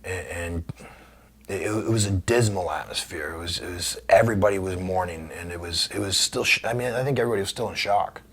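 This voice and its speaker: A middle-aged man speaks as an interview guest with a gravelly, husky, somewhat low voice. He tells stories in a conversational way and acts out the dialogue. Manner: animated storyteller, acts out dialogue; subdued and halting on somber memories. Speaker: interview guest, former wrestler. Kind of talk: conversational storytelling.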